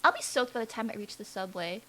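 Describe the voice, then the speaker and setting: A woman's voice: medium pitch, animated, fast, pushed and bright. A young woman voicing a weary, self-pitying young woman office worker, reading the game's lines aloud in her own voice. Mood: glum. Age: young adult. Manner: reads lines in her own voice, dramatic on pain. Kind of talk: voicing a game character aloud.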